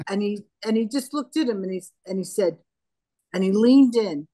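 A woman's voice: medium pitch, animated, normal speed, warm tone, dry recording. An older woman as an interview guest, retelling past events in a conversational, anecdotal way and acting out the dialogue. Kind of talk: conversational storytelling.

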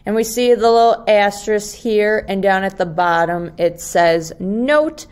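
A woman teacher reading a picture book aloud to second graders in a slow, expressive storytelling voice. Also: mid-range voice, clear, resonant tone.

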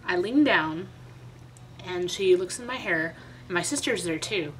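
Young woman doing a storytime vlog, kinda low voice, over-the-top and jokey, light hiss behind. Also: animated, a little slow, fairly bright tone, poor audio. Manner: chatty, dramatic, self-mocking, frequent laughs. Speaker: vlogger.

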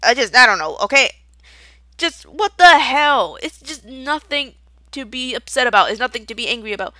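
Angry young woman, bright and dry. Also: high-pitched, lively intonation, moderate pace, no room sound. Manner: angry, profane, rambling with stutters and restarts. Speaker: video creator. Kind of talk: unscripted rant to camera.

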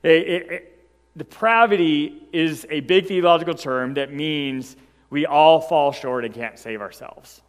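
A male pastor delivers a sermon in a fairly high voice, pressing his points with animated emphasis. He keeps turning back to his listeners with quick check-ins. A long hall reverb trails behind each phrase in the church. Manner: animated and emphatic, often asking "right?". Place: church sanctuary.

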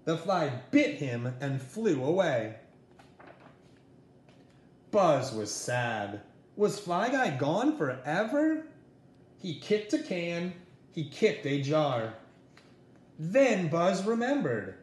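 A man reads a children's picture book aloud with slow, deliberate pacing. His fairly high voice rises and falls in a lively, expressive way. The sound bounces around an echoey room. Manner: slow, expressive storybook reading. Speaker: storyteller.

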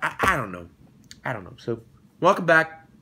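A young man hosting his own YouTube show, talking casually and breaking into loud, sarcastic rants with swearing. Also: a little high, big pitch swings, normal speed, background noise. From United States. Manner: rants loudly, swears, dramatic outbursts. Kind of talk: casual vlog monologue.

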